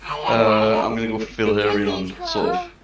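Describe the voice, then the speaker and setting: A woman player at a tabletop game, thinking aloud slowly about her rolls. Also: extremely low pitch, a crowd in the background. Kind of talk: casual chat. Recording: echoey distant mic with noise.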